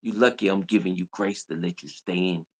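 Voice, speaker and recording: In a deep voice and at a slightly quick pace, a man on a livestream rants at his audience, scolding them over and over in a confrontational way.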